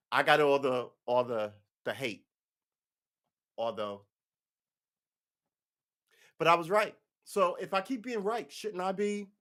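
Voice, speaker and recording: A man's voice: on the high side, a bit bright. A man hosting his own podcast, talking off the cuff in a blunt, rambling way, with frequent restarts and some swearing. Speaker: podcast host. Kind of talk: casual solo livestream commentary.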